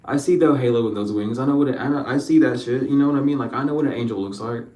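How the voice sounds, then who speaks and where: A man's voice: medium pitch, rapid-fire, warm tone, distant mic. Impassioned man in a roomy echo. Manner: impassioned, rambling, repeating questions, swearing. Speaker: spiritual card reader. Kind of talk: emotional spiritual reading monologue.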